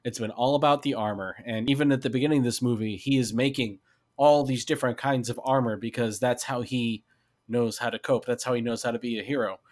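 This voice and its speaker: A man's voice: medium pitch, steady tone, brisk, darkish tone. A man co-hosting a casual movie podcast, talking eagerly and restarting his sentences often. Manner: enthusiastic, restarts often, quotes lines. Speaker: podcast co-host. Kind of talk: casual film discussion.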